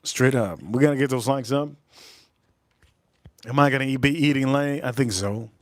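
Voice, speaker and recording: Rambling excitable man on a livestream. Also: mid-range voice, normal speed, dry recording, clean studio sound. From South Florida. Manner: rambling, excitable, jumps between topics. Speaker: livestream host. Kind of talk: casual livestream chat.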